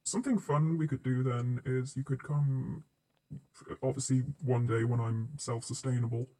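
A man's voice: mid-range voice, steady tone, normal speed, mellow. A man co-hosting a podcast over a call, chatting casually and agreeably. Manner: easygoing, agreeable, adds short backchannels. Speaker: podcast co-host. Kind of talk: casual chat.

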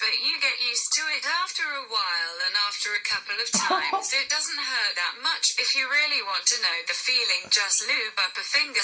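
Robot voice, female-sounding, flat and synthetic, very bright tone. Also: a little high, low-quality recording. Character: text-to-speech voice reading a listener's message.

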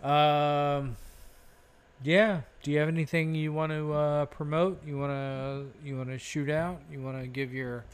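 A man's voice: fairly high pitch, little pitch movement, measured pace, clear, resonant tone. A young man hosting a podcast in casual chat, rambling and swearing loosely. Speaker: podcast host.

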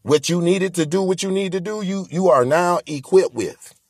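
A man's voice: high-pitched, moderate pace, slightly rough, no echo, studio quality. A man hosting a podcast, delivering a motivational monologue in an emphatic, preachy way, repeating his points. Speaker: podcast host.

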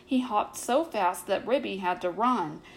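A woman reading a bedtime story aloud as narrator, calm and measured. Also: mid-range voice, rough recording.

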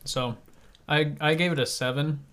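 A man's voice: a little high, fairly even intonation, moderate pace, a bit bright, a little hiss or hum. A man on a casual candy-tasting panel, chatty, giving ratings in long run-on turns. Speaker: candy taste-test panelist. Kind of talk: casual chat.

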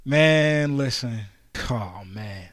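A man's voice: mid-range voice, animated, drawn-out words, fairly bright tone, no room sound, studio quality. A man in his thirties with a Brooklyn New York accent, hosting a podcast and telling rambling, profane stories in street slang. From New York City. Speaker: podcast host. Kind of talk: casual storytelling monologue.

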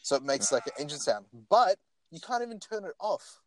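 A man's voice: a little high, a little fast, no room sound. A young man co-hosting a car podcast, joking and mocking in casual chat. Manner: jokey, animated, mocking asides. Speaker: podcast co-host.

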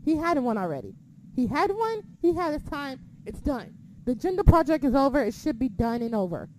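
Excitable, foul-mouthed woman chatting. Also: high-pitched, a little fast, a little hiss or hum. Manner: excitable, swears a lot, loses her train of thought. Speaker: podcast co-host. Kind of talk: casual chat recap.

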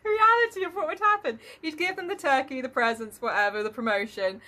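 A young woman in casual chat, blunt and animated, laughing often and swearing. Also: high-pitched, brisk.

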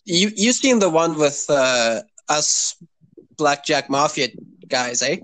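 A man's voice: fairly high pitch, animated, slow, fairly bright tone, low-quality recording. Rambling young man hosting a podcast. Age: 20s. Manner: rambling, filler-heavy, often asks "you know what I mean". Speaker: podcast host. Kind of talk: casual podcast chat.

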